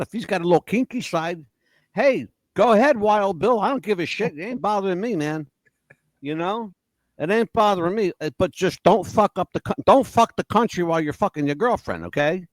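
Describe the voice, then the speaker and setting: A man hosts a podcast in a high voice with no echo, chatting casually and voicing his opinions in an emphatic, profane way.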